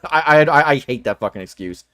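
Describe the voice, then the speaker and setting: A young man co-hosting a livestream, ranting in casual chat with profane, animated outbursts. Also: mid-range voice, brisk, no room sound, clean studio sound, faint music behind. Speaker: livestream co-host.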